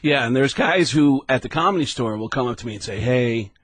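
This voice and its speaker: A man who is a guest comedian in casual interview chat, telling stories in an animated way, recorded in a garage studio. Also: medium pitch, fast talker, slightly rough, dry recording. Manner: animated storyteller.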